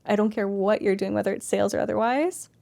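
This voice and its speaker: A woman's voice: medium pitch, quick pace, vocal fry, a little mellow. A woman guest on an interview, a sales coach, talking candidly and animatedly, peppering her speech with "like". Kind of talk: casual conversational interview.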